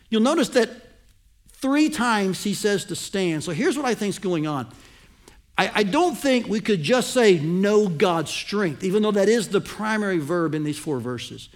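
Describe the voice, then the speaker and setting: A high-pitched man preaches to his congregation, walking through a passage point by point. He keeps asking whether they are following him, and he slows right down to land the key phrases. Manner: teaching, asks the congregation to follow along. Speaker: pastor. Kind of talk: sermon.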